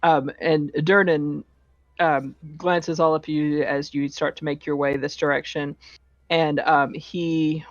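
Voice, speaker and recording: Game master, slow unhurried delivery, hesitant fillers, dry close sound, muffled call audio. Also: medium pitch, no echo. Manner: relaxed and hesitant, many fillers. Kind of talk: narrating a tabletop game. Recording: dull, slightly lo-fi online call audio.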